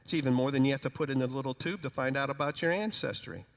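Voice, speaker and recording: A man preaching a sermon as pastor in a church, storytelling in a conversational, humorous, animated way. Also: mid-range voice, fast talker, gravelly, long reverb tail. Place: church sanctuary.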